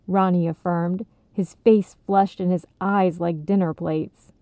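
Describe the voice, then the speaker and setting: A woman reading a children's story aloud as narrator, in an expressive, measured way. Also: fairly low pitch, dry recording. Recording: tinny phone-like sound, dry.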